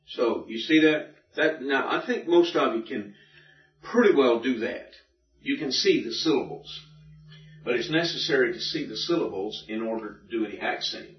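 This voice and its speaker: A man's voice: medium pitch, lively intonation, normal speed. A male teacher giving a patient, methodical classroom lecture, repeating and drilling points for his students. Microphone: room recording from a distance. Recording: distant echoey classroom recording, dull lo-fi.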